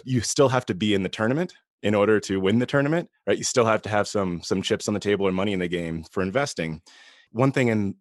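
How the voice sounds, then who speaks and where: A man hosting a podcast, asking long, measured questions that link several ideas together. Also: deep voice, no room sound, clean studio sound. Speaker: podcast host. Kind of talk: podcast interview.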